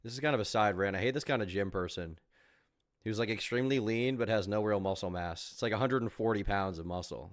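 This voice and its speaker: A man's voice: on the low side, fast talker, no room sound, studio quality. A man streaming reaction commentary, mocking and incredulous, swearing often and breaking into laughter.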